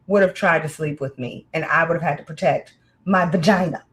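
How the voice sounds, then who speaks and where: A woman's voice: sits low, fairly quick, low-quality recording. Woman telling a candid story. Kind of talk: casual chat.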